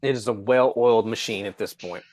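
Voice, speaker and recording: A man's voice: fairly low pitch, fairly quick, darkish tone, dry recording, clean studio sound. Blunt, profane middle-aged male co-host. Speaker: podcast co-host. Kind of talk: casual live-stream chat.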